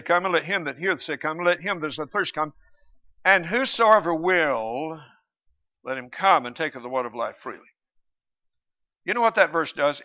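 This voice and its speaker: Emphatic preacher man, bright lo-fi sound. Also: on the high side, creaky. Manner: emphatic, argumentative, rising and falling in volume, quoting King James verses. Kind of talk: sermon. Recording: dull lo-fi recording.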